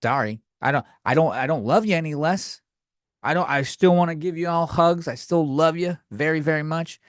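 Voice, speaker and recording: A man's voice: on the high side, moderate pace, dry recording, clean studio sound. An American man hosting his own podcast, ranting in a crude, rambling and self-mocking way while he answers listener questions. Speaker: podcast host. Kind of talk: casual comedic rant.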